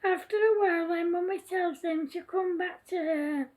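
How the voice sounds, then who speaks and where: A woman reading her own children's story aloud in an earnest, gentle way, with small restarts. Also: very high voice, moderate pace, rough recording.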